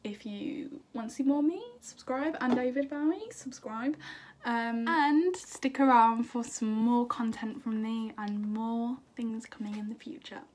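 A woman's voice: on the high side, unhurried, a little mellow, slight background noise. A young woman chatting to camera in a bubbly, self-deprecating way, answering viewer questions. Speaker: singer and YouTuber. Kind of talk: casual chat to camera.

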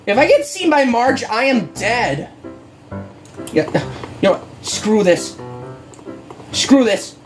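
Exasperated woman streamer, slow drawn-out complaints over game music. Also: a little high, very animated. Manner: exasperated, frequent groans and "bruh". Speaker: gaming channel host. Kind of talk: horror game commentary. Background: game music and barking dogs.

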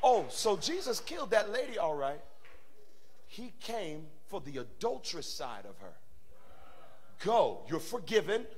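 Male pastor, high and very expressive voice, preaching in a church, quiet stretches building to shouts. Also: a little slow, long pauses, slightly rough. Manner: animated preaching, swings from soft to shouting. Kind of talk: sermon. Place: church sanctuary.

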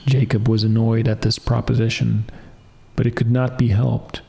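A man calmly reading a fairy tale as a soft-spoken bedtime story. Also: lowish voice, normal speed, gravelly.

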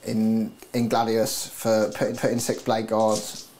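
A man's voice: on the low side, monotone, a little slow, darkish tone, a little hiss or hum. A tipsy man chatting loosely after a tabletop game, rambling and repeating himself. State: tipsy from drinking. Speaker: tabletop wargame player. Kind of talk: casual post-game chat.

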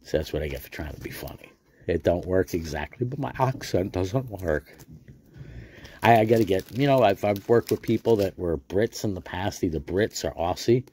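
A man's voice: deep voice, lively intonation, normal speed, a little mellow, a little hiss or hum. A middle-aged American man, chatting casually and jokingly as he opens packs of cards, repeating his words. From United States. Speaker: card collecting YouTuber. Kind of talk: casual pack-opening commentary.

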